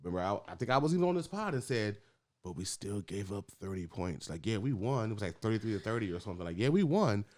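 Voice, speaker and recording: Low-voiced man in animated sports chat. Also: racing, few pauses. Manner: animated, swears freely, laughs. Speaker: podcast co-host.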